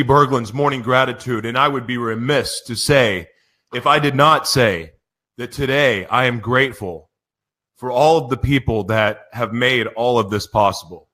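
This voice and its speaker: A man's voice: mid-range voice, normal speed, bright, forceful tone. Giddy, emotional male radio host. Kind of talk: live radio show opening. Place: radio studio.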